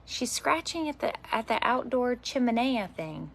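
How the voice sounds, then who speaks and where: Her voice is a little high and gravelly, swinging widely in pitch at a normal speed. As a parenting vlogger, she talks casually to her phone camera in her yard at home and exclaims at her dog.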